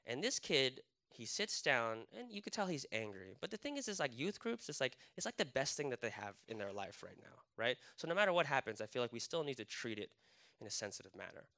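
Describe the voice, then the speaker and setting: A young man telling a personal story in casual, animated talk, full of likes and restarts. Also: mid-range voice, brisk, echoey room.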